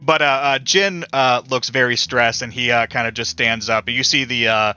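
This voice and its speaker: A man narrates a tabletop horror game as its game master, stopping often on filler words. His voice is bright and forward. The mic sounds dull and lo-fi, with faint music playing underneath. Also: mid-range voice, fairly even intonation, smooth, dry recording. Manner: halting, many filler words.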